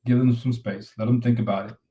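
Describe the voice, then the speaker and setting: A man's voice: medium pitch, fairly even intonation, fast talker, warm tone, distant mic, slight background noise. Man, relationship coach on a live stream, earnest and repetitive, recorded a little off-mic in a roomy space. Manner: earnest, repeats himself, advice-giving.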